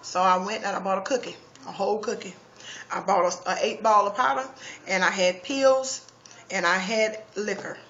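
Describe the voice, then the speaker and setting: A woman's voice: mid-range voice, moderate pace, fairly bright tone, muffled recording, a little hiss or hum. A woman giving a personal testimony, earnest and emphatic, often restarting her sentences.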